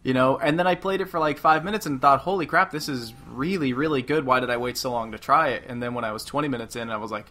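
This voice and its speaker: A man hosting a podcast with a bright, forceful voice. He is chatty and laughs often as he talks. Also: medium pitch, fast, hardly any pauses. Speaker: podcast host. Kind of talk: casual chat.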